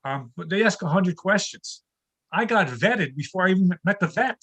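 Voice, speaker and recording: An older man doing a stand-up comedy routine over a video call, delivering deadpan one-liners about his home life. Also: high-pitched, moderate pace, breathy edge, poor audio.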